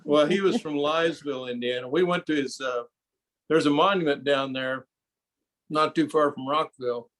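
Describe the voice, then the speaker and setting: A man chatting casually at a club meeting, halting as he tries to recall details. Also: fairly high pitch, a bit bright. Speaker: club member. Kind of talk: casual chat.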